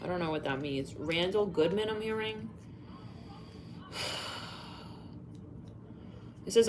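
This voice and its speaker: A woman's voice: mid-range voice, unhurried, long pauses, slight background noise. A woman doing a live psychic reading, musing aloud, spelling out letters and names, with sighs and fillers. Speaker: psychic reader.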